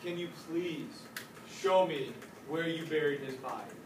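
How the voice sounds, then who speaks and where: A man's voice: a little high, unhurried, background noise, pitched below the performer's own voice, close to an everyday voice. A man voicing a devoted, grieving young wife who speaks earnestly. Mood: pleading. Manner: earnest, pleading. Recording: echoey room from a distance.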